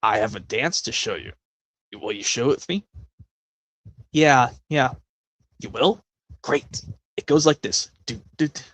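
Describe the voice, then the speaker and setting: A man doing an impression of a gentle male children's TV host, speaking and singing softly and slowly. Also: medium pitch, no room sound. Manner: soft, slow, sing-song. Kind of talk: cartoon voice impression.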